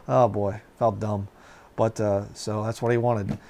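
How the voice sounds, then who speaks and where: A man's voice: fairly low pitch, little pitch movement, measured pace, creaky, a little mellow. A middle-aged man telling stories from his past in a casual, rambling way, with many fillers and restarts. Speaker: channel host. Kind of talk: casual personal storytelling.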